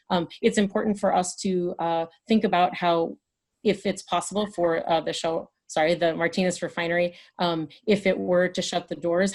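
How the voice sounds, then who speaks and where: A woman with a somewhat low voice, speaking over a video call as a council candidate. She pauses often and fills the gaps with small fillers as she builds each point. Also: a little mellow. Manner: hesitant, many fillers. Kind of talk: candidate forum answer.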